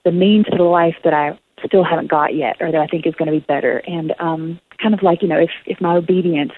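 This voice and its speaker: A woman's voice: on the low side, fairly even intonation, a little fast. A young adult woman with a Southern US accent, speaking as a guest author in a radio interview, earnest and reflective with many fillers and restarts. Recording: phone-line audio.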